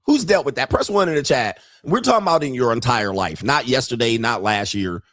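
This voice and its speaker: A male livestream host in a crude comedic rant, animated and acting out the people he talks about. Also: medium pitch, brisk, no room sound.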